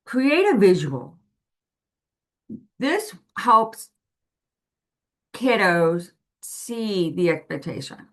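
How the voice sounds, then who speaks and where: Slow, patient woman explaining to parents. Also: mid-range voice, sing-song. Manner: patient, gives everyday examples. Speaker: parent guide presenting to families.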